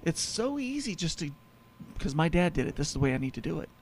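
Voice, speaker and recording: Talking fast, with a fairly high pitch that swings widely, the host of a home-improvement radio show rambles casually through his stories and leans on lots of fillers. He owns a home insulation company, and there's a little background noise.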